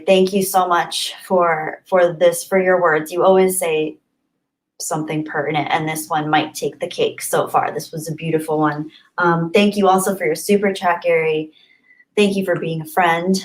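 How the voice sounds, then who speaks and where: A woman's voice: lowish voice, low-quality recording. A young woman hosting a live stream, reading viewer messages and thanking them in an emotional, effusive way. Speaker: livestream host.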